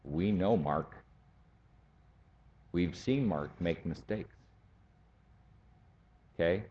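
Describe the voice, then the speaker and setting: Slow, low-voiced man teaching Bible study. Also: lively intonation. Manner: slow, deliberate, rising to emphatic. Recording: dull lo-fi recording.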